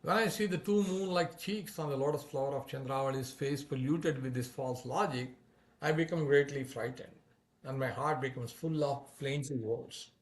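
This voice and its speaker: A man's voice: mid-range voice, moderate pace, natural voice. A man reading as a coaxing young divine lover. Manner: pleading, flattering delivery.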